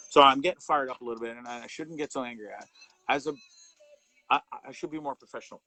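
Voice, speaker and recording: A man's voice: mid-range voice, fast, sharp tone, low-quality recording. A man hosting a live show, delivering impassioned commentary in an angry, profane way, often repeating and restarting words. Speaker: host of a live wellness show.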